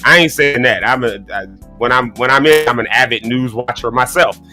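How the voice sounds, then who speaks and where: A man hosts a live morning show in a folksy, chatty way. His voice is bright and sits at an average pitch, and his throat sounds rough from coughing. Faint music plays underneath. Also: a little fast. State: choking, throat clearing. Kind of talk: casual live show chat.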